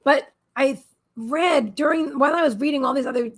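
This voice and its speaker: Hosting a psychic live stream at her home desk, a woman chats in a wandering, casual manner and keeps speaking to her pets. Her voice sits high and moves at a normal speed.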